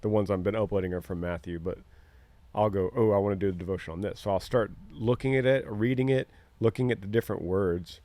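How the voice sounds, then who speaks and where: A man's voice: lowish voice, quick pace, dark tone, no room sound. Earnest man telling a story. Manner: earnest storyteller, acts out quoted lines. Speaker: podcast co-host. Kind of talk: casual podcast chat.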